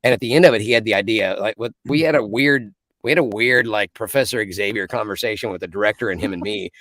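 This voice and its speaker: A man's voice: fairly low pitch, fast talker, no echo. A man, a voice actor, chatting as a guest in an interview and telling stories with plenty of laughs. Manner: animated storyteller, laughs often. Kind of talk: casual interview chat.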